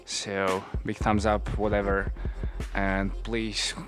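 A young man with non-native English and a North American tinge rambles through a casual vlog, slangy and laughing to himself. His voice sits low and unhurried, drawn out at a slow pace. Faint music plays behind him on a home microphone. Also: completely flat delivery. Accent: non-native English with North American touches. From small industrial town in a former communist country. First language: not English. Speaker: vlogger. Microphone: new home microphone.

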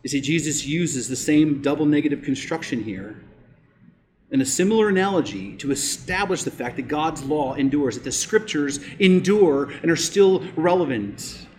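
Male pastor, high-pitched voice, emphatic sermon delivery with wide swings in volume. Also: animated, normal speed. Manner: emphatic, swinging from loud declarations to quiet asides.

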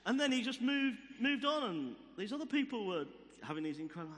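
A man's voice: extremely high pitch, big pitch swings, brisk, hardly any pauses, background noise. A man preaching a sermon, telling stories and repeating key phrases for emphasis. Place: church hall. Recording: long reverb of a church hall.

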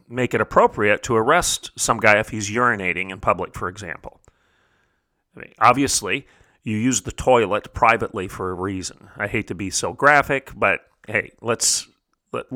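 A man's voice: mid-range voice, bright, forceful tone, no room sound. A middle-aged man hosting a talk show, delivering an emphatic, preacherly monologue full of rhetorical questions. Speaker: radio talk show host.

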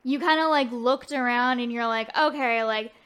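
A young woman chatting casually about video games, relaxed and full of fillers. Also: a little high, moderate pace, clear, resonant tone. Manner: relaxed, filler-heavy, drawn out.

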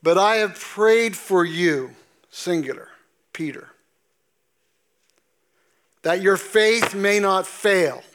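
A man preaching a sermon as pastor in a church, reading scripture slowly and with emphasis. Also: sits high, a bit bright. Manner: slow, deliberate preaching with emphatic drawn-out scripture quotes. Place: church sanctuary.

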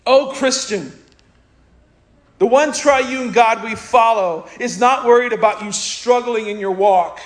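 A man's voice: very high voice, slow pace, reverberant. A man preaching a sermon with passion, asking the congregation direct questions and crying out when he quotes the anguished father. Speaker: pastor.

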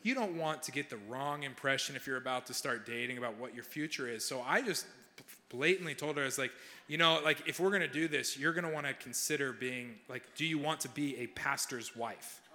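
A young male pastor giving a sermon, telling a funny personal story with animated, self-mocking humor before he prays. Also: medium pitch, fairly quick, long reverb tail. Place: large church hall.

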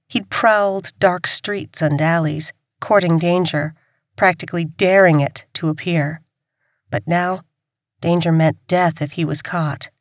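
Brief: female audiobook narrator, lower register, dead-dry studio sound. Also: dry recording. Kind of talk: scripted narration.

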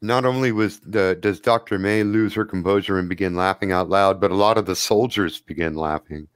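A man narrating as game master in a tabletop game, relaxed and wry, with many fillers. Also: deep voice, a little fast, clear, resonant tone, dry recording, clean studio sound.

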